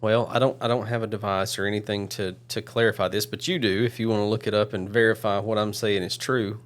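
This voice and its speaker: A man with a somewhat low voice chats easily as a podcast co-host. He hedges his memory and jokes along in a relaxed way. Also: fast talker. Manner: laid-back, hedging, joking. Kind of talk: casual chat. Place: studio.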